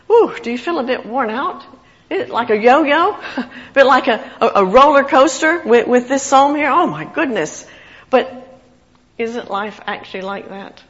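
A woman's voice: on the high side, moderate pace. A woman giving an informal sermon, reading scripture expressively and chatting with the congregation. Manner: expressive, reads scripture with rising emotion. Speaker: lay preacher. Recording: muffled, echoey hall.

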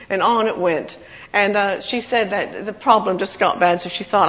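A woman preaches in a church hall, spinning an anecdote and acting out the lines. Her voice sits at a middle pitch and carries a long reverb tail. The recording sounds a little dull and muffled. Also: fairly quick. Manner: storytelling with acted quotes, warm chuckles. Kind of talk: sermon.

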